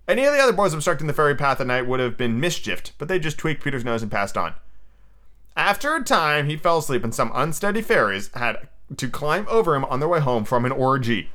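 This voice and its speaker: A man's voice: a little high, fairly bright tone. A man hosting a podcast, reading a book aloud and breaking off for irreverent, profane asides. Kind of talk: casual podcast reading and commentary.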